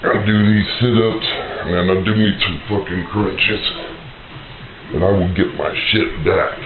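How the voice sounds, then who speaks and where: Very deep, slow man, gruff and profane. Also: steady tone, a crowd in the background. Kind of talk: casual monologue. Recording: tinny echoey recording with faint music.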